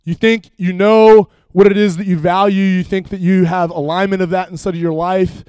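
A young man, a youth pastor, preaching and telling a funny personal story with animated, jokey asides. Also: high voice, normal speed, smooth, no echo, clean studio sound.

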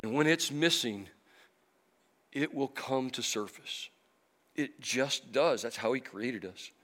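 A middle-aged man preaching a sermon in church, emotional, moving from loud emphasis to soft, slow passages. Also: medium pitch. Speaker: pastor.

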